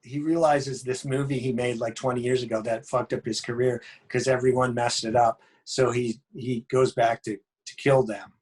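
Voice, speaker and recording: A man's voice: mid-range voice, level tone, normal speed, hardly any pauses, a little mellow, husky. A man, a horror filmmaker guest on a podcast, telling rambling, jokey stories in casual chat.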